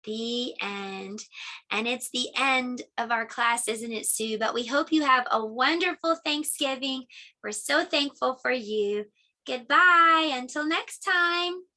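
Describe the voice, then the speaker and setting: A woman's voice: high voice, slow, sharp tone. A middle-aged woman teacher leading children's circle time with sing-song rhymes and a storybook read-aloud.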